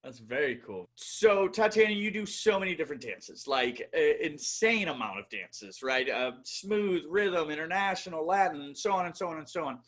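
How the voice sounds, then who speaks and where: A man hosting a casual interview, asking lively, conversational questions. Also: a little high, moderate pace, few pauses. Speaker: podcast host.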